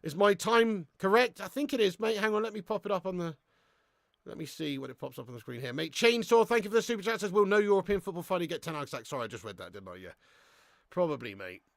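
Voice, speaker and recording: Young lad doing a live footy watch-along, gravelly, dry close sound, swears a lot. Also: male voice, high-pitched, fast, dry recording. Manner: excitable, sweary, ranting and chatty with viewers. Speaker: host of a fan watch-along stream.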